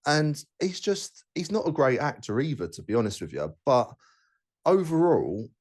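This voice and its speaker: A man's voice: medium pitch, very animated, moderate pace, darkish tone. A man hosting a casual podcast chat, talking bluntly and rambling with many restarts. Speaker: podcast host.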